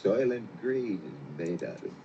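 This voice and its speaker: A desperate guy yelling a warning, real dark tone, muffled lo-fi movie audio. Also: sits low, very animated, a little slow, slight background noise. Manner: insistent, urgent. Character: desperate man shouting a warning. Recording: dull lo-fi film clip.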